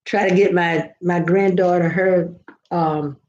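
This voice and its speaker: A woman's voice: on the low side, fairly even intonation, slow, darkish tone. An older woman, chatting casually to her viewers in a rambling, folksy storytelling way. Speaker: vlogger. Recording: roomy, slightly dull sound.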